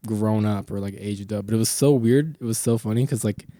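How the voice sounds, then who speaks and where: Young man, podcast host, low mellow voice, dry close sound, rambling, lots of swearing. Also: brisk, dry recording. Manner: rambling storyteller, heavy swearing and filler words. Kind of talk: casual chat.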